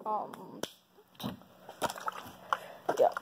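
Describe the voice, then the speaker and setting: A woman's voice: very slow, dark tone, slight background noise, rough recording. A woman chatting casually on her vlog, rambling and repeating herself as she shows off her belongings. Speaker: vlogger.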